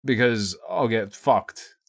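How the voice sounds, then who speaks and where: A man's voice: mid-range voice, slow, creaky, no echo, studio quality. A man streaming live, chatting casually and thinking aloud in a rambling, profane way. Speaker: livestreamer.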